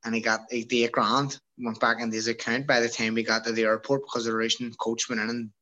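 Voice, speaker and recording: A young Irish man, a guest who used to be an amateur boxer, tells a rowdy anecdote in casual conversation, talking fast in a sharp, mid-range voice with little pitch movement. He swears freely and acts out what others said, and the recording has its highs cut off.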